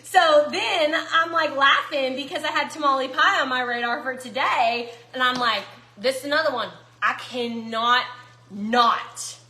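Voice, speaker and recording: A woman's voice: high-pitched, a little slow, pushed and bright, echoey room. A woman chatting casually to viewers while cooking in her home kitchen. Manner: chatty, folksy, talks to viewers as y'all. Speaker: cooking vlogger.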